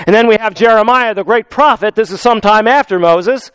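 A man preaching a sermon as pastor, acting out biblical characters in a lively storytelling way. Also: high-pitched, brisk, clear, resonant tone, no room sound, low-quality recording.

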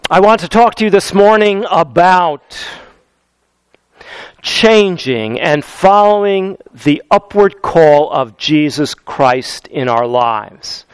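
High-voiced pastor preaching a sermon. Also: male voice, slow, smooth, no echo, low-quality recording. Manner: acts out biblical voices in a lively storytelling way.

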